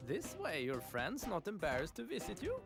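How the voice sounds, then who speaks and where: A man's voice: sits high, wildly swooping pitch, moderate pace, creaky, exaggerated voice. A man playing a cheerful male furniture salesman in a comic ad, with a mock Swedish accent and broken English. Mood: salesy. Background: music.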